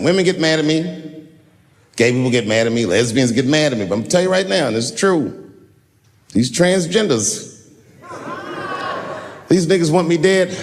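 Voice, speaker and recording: A middle-aged man performing a stand-up comedy set on stage, animated, jumping into loud high shouts and low put-on voices. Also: long reverb tail, a little hiss or hum. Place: stage before a live audience.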